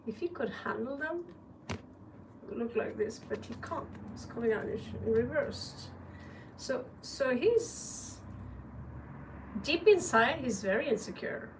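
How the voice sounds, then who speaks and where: A woman with a Norwegian accent gives a casual live tarot reading, chatty and joking, with blunt swearing. She talks at a slow, drawn-out pace in a slightly high voice. She sits some way back from the mic, with a faint hiss of background noise. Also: expressive, far from the mic. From Norway. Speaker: tarot reader.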